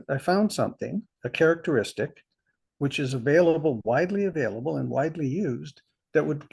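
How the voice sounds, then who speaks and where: An older man speaks as an interview guest, recounting his career in a relaxed, anecdotal way. His voice is gravelly and a little husky, with a mid-range pitch. He often chuckles at himself as he reflects. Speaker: interview guest, insurance veteran. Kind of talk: conversational interview storytelling.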